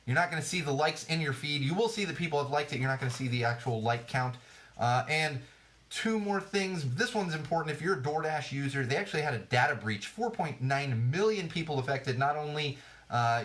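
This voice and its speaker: A man's voice: mid-range voice, fairly bright tone. A man hosting a podcast on a live stream, chatting casually in a sarcastic, rambling, jokey way, tired late at night. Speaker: podcast host.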